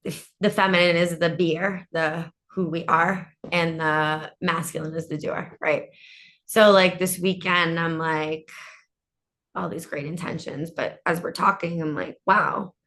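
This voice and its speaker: A woman in a loose, chatty conversation, her voice lower than most and sharply bright and tense. She is losing her voice, and it tires as she rambles on with plenty of "like" and a casual swear word here and there. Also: steady tone, unhurried. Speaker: co-host. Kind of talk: casual chat. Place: hotel room.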